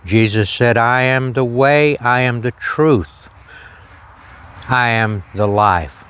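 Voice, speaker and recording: A man demonstrating archery outdoors on a shirt lavalier, talking slowly and plainly and drifting into preacherly reflections on faith. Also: medium pitch, animated, fairly bright tone, clean tone. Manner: slow, plain-spoken, preacherly asides. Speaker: archery vlogger. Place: outdoors on a rural property.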